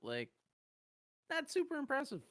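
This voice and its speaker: A man joining a casual podcast chat, relaxed and chiming in. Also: extremely high pitch, measured pace.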